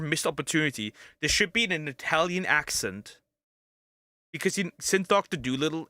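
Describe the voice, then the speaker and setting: Young male reaction streamer, crude and jokey, bright and dry. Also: medium pitch, no room sound. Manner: crude, joking, restarts, bursts of yelling. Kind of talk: casual reaction commentary.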